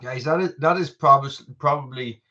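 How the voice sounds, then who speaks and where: A man's voice: medium pitch, moderate pace, sharp tone. An Irish man in middle age chats loosely on a live stream at home, cutting himself off and saying hello to viewers. He sounds a little out of breath. The audio comes through dull and muffled. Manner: rambling, self-interrupting, greeting viewers. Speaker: livestream host. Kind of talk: casual live chat. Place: family home.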